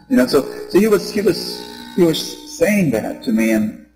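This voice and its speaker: Animated preacher with music behind. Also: male voice, on the high side, moderate pace, poor audio. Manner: animated, with acted-out voices and audience prompts. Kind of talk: inspirational talk to a live audience.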